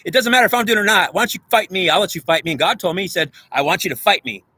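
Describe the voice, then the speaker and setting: A man's voice: high-pitched, racing, sharp tone. A man delivering an intense, profane spiritual monologue straight at the viewer, lecturing and repeating himself. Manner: preachy, profane, repetitive, lecturing. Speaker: self-styled spiritual speaker.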